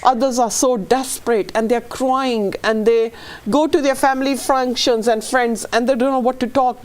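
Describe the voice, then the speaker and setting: A woman's voice: fairly high pitch, darkish tone. A middle-aged woman, a fertility practitioner interviewed as a guest, talking in an earnest, emotional way with many restarts. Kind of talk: conversational interview.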